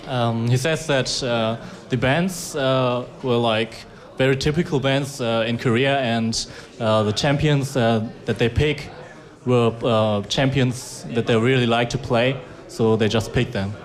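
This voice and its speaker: A man's voice: medium pitch, steady tone, unhurried. A man interpreting in an interview, hesitant with many fillers.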